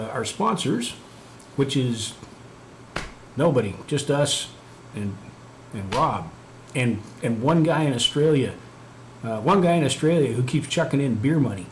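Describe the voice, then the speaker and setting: A man hosting a casual livestream, rambling and self-mocking with lots of fillers and restarts. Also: mid-range voice. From Canada. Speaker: livestream host. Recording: echoey room, faint background noise.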